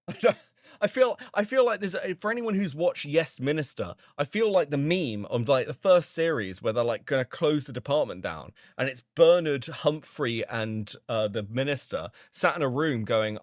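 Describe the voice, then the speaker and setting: Male streamer, exasperated rant, lively high voice, dry close sound. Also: moderate pace, no room sound. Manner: exasperated, swearing, incredulous laughter. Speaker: stream host reacting to a video. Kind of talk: angry reaction commentary.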